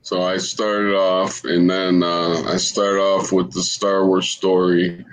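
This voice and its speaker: A man's voice: low voice, little pitch movement, slow pace, poor audio. A man co-hosting a podcast in casual chat, talking hesitantly with many fillers. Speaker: podcast co-host.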